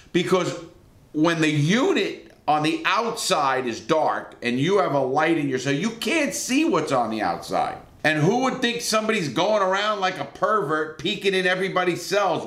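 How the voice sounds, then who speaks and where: Blunt, animated man in a roomy echo. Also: mid-range voice. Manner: blunt and profane, with rhetorical questions and acted-out exclamations. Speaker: former prisoner telling his story. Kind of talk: casual first-person storytelling to camera.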